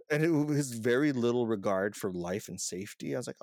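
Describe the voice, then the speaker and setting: A man co-hosting a podcast, chatting casually about a movie and acting out his own reactions in an animated way. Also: lowish voice, fast talker, hardly any pauses, no echo, studio quality. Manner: animated, mocks scenes with quoted reactions. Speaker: podcast co-host. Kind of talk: casual movie review chat.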